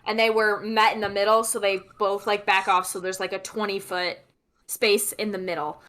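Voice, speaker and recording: Bright-voiced young woman game master. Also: medium pitch, flat delivery, normal speed. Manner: chatty, lots of fillers and restarts while narrating. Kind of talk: running a tabletop game.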